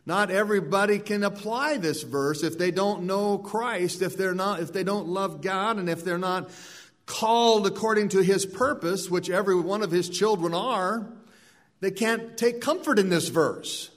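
A man's voice: sits high, moderate pace. A man preaching a sermon in an earnest way, often repeating words and restarting phrases. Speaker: pastor.

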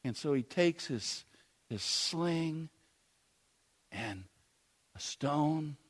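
A man's voice: fairly high pitch, lively intonation, very slow. A man preaching a sermon, telling the story in a rambling way full of fillers.

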